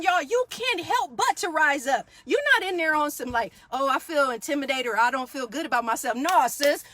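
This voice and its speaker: Woman, 40s, yoga teacher, bright preachy motivational energy. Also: high-pitched, no echo. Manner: fired-up, preachy, keeps asking "do y'all hear me". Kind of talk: motivational live talk.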